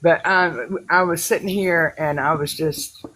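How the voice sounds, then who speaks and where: A woman's voice: low-pitched, steady tone, a little slow, a bit bright, rough recording. A woman chatting on a group call, rambling and emotional, with many fillers and restarts. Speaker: class participant. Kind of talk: casual chat on a group call.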